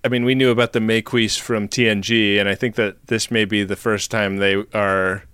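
A man's voice: lowish voice, little pitch movement, moderate pace, a bit bright, clear, resonant tone, dry recording. A man co-hosting a podcast in casual chat, chatty and laughing, with fillers as he talks. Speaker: podcast co-host.

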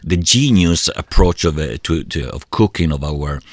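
A man's voice: a bass voice, expressive, normal speed, dry recording, clean studio sound. A middle-aged man from Italy with an Italian accent, a guest in an interview who searches for words with many fillers and restarts. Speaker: guest, travel business owner.

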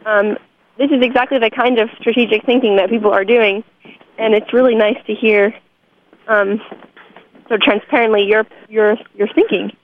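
A woman hosting a radio interview, thoughtful and pausing with frequent fillers. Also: a little high, fairly even intonation. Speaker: radio host. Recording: tinny phone line.

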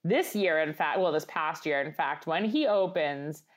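A woman's voice: low-pitched, moderate pace. A woman co-hosting a podcast with a Long Island accent, chatting casually, rambling and laughing as she reads articles aloud. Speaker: podcast co-host. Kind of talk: casual comedic chat.

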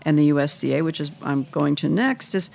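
Low-voiced woman hosting an interview. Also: brisk, vocal fry, a little mellow. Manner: chatty, enthusiastic questions. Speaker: host. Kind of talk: radio interview.

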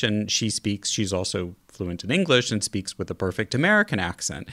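A man's voice: fairly low pitch, a bit bright. Male host in easy conversation. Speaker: podcast host. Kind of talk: casual interview chat.

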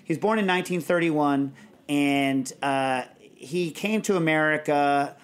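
A man hosting a podcast in casual chat, telling digressive, animated stories. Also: on the high side, a little slow, clean tone. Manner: rambling, digressive, animated storyteller. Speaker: podcast host.

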